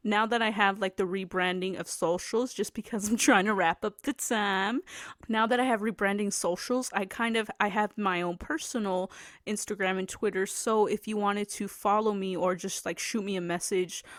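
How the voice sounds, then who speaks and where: Young woman, solo podcast host, casual rambling chat, mid-pitched voice, dry close sound. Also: steady tone, normal speed, a bit bright, no echo. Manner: rambling, upbeat, laughs often, many restarts.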